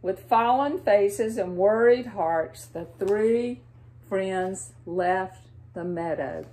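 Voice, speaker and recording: A woman with a Southern American accent reading a storybook to children in a gentle, expressive way, asking them questions. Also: medium pitch, extremely slow.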